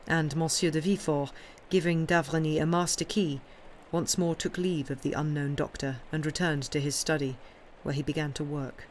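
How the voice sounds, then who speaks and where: A woman streamer reading a classic novel aloud in a steady, clear narration. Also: sits low, normal speed, few pauses, slight background noise. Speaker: audiobook reader and streamer.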